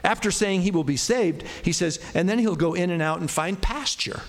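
A middle-aged man preaching a sermon, conversational and self-deprecating, slowing down and stressing the scripture he quotes. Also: sits high. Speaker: pastor.

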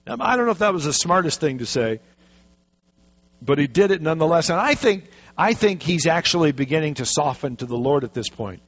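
A man's voice: fairly high pitch, animated, brisk, fairly bright tone. A man, a pastor, teaching a Bible passage in a folksy, chatty way with jokey asides. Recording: dull lo-fi recording.

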